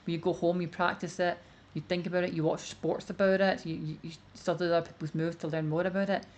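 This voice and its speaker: A woman's voice: fairly low pitch, little pitch movement, fast talker, darkish tone, muffled recording. A woman streamer giving casual commentary, rambling with lots of "like" as she explains her view. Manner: rambling, many fillers of "like".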